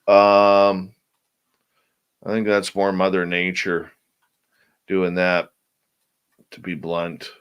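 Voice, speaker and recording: A man's voice: low-pitched, monotone, extremely slow, long pauses, smooth, dull audio. A male radio show host in casual chat, drowsily reading out and answering listener questions.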